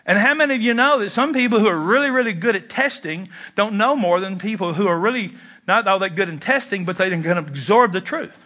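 A man preaching a sermon, animated and jokey, jumping into mock voices and leaping in pitch. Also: a little fast. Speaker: pastor.

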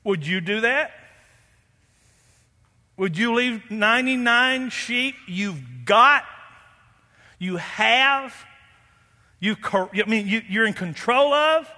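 A man preaching from the pulpit in a very high, bright voice. He is animated and playful, drawing the congregation in with questions. The sound carries a long reverb, as in a large church hall. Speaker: pastor. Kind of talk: sermon.

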